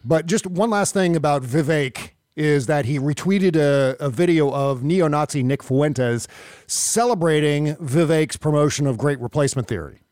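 A man's voice: on the high side, moderate pace, darkish tone, no echo, studio quality. A man hosting a casual political commentary podcast, talking in a wry, conversational way with jokey asides. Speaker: podcast host.

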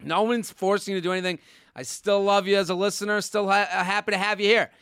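A man hosting a podcast, chatting casually and joking with quick asides. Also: high voice, flat delivery, fairly bright tone, smooth, dry recording, clean studio sound. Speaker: podcast host.

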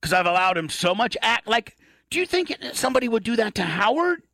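A man's voice: high-pitched, very animated, brisk, sharp tone, no echo. A man co-hosting a casual comedy podcast, profane, indignant and rambling. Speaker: podcast co-host.

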